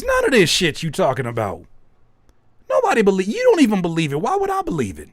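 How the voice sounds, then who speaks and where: Man, livestream music critique host, blunt and joking, lively swinging pitch, dry close sound. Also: quick pace, dry recording. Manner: emphatic, animated, blunt, joking. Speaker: host giving music feedback.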